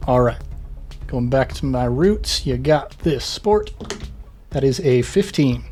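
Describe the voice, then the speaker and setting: A man's voice: medium pitch, animated, slow pace, darkish tone, soft background music. A man playing in a tabletop game, upbeat and joking. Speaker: player. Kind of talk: casual tabletop play.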